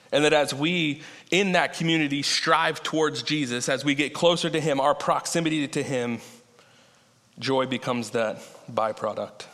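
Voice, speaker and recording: A preacher delivers his sermon in a relaxed, conversational manner, slowing down to draw out the words he wants to stress. His medium-pitched voice is bright and forceful, and the long reverb of a big church sanctuary trails after every phrase.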